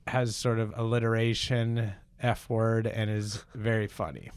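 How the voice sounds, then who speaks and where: On a laid-back improv comedy podcast, this co-host wanders from thought to thought and pokes fun at himself. His voice is on the low side and smooth, with flat, unhurried delivery and no room sound.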